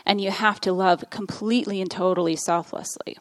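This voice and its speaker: A woman preaches in an earnest, teaching way, pausing on fillers as she works through scripture. Her voice sits at a middling pitch. The sound is dry and close, with no room around it. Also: steady tone, no echo. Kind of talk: sermon.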